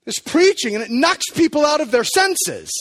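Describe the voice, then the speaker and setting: A man preaching a sermon as pastor, emphatic and animated, sometimes dropping to a quiet, low delivery. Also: moderate pace. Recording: long hall reverb.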